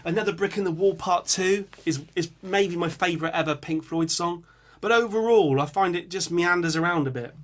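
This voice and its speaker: A man's voice: high voice, moderate pace. A young man, hosting a music channel and chatting casually while reading out viewers' song picks. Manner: animated, bursts into singing and screaming riffs. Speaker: music reaction channel host.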